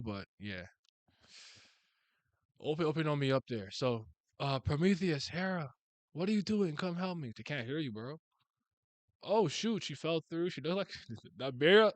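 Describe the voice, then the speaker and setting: A man's voice: medium pitch, no echo. Laid-back man riffing on manga. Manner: animated, slangy, laughs often, thinks aloud. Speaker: manga reaction streamer. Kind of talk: casual live reaction while reading manga.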